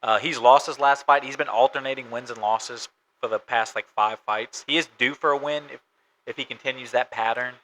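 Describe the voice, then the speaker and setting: Bright-toned man reading fight odds. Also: medium pitch, steady tone, a little fast, poor audio. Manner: matter-of-fact, reads stats and odds. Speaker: podcast co-host. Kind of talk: casual sports podcast chat.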